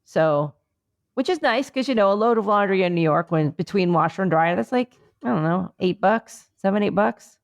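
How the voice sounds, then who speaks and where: A woman's voice: medium pitch, expressive, moderate pace, vocal fry. Rambling mock-earnest woman podcast host. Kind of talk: comedic chat and mock mindfulness monologue. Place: remote, on vacation.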